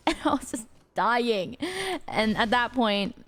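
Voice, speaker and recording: Animated woman telling a story. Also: a little high, takes it slowly. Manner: animated, acts out quoted lines, frequent laughter. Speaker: streamer; rideshare driver. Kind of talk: casual storytelling to a stream chat.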